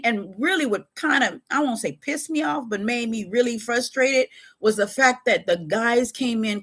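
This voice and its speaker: A woman talking casually on a live stream, animated and conversational, speaking straight to her viewers with a Californian American accent. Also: fairly high pitch. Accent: Californian American English. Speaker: webcam model giving advice on a live stream.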